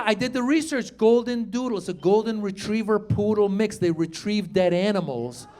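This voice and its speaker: A middle-aged man from Iran performing a stand-up comedy set on a club stage, acting out voices and shouting his punchlines into a handheld mic. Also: high voice.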